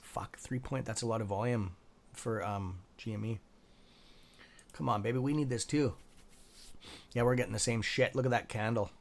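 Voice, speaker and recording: A young man hosting a live trading stream, reading chat and reacting with excitable, profane commentary and muttered asides. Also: medium pitch, moderate pace, pauses often. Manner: excitable, profane, talks to viewers by nickname; mutters asides to himself under his breath. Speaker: stock trading livestream host.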